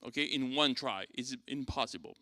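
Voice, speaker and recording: French-accented man, church apologetics teacher, bright and forceful, dry close sound, lots of restarts. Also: medium pitch, normal speed, no room sound. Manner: conversational teaching with fillers and restarts. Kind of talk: apologetics class lecture. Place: church classroom.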